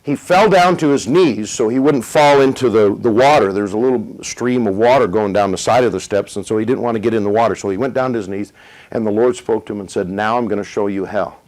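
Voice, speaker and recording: A middle-aged man preaching a sermon, retelling a story with dramatic pauses and rising emphasis. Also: fairly low pitch, darkish tone, poor audio. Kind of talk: sermon testimony.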